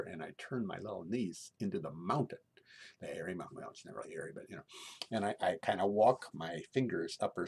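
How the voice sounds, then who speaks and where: A man telling a family bedtime-style story in a conversational way, often dropping to a hushed whisper, with frequent fillers like "you know.". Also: on the low side, gravelly, husky.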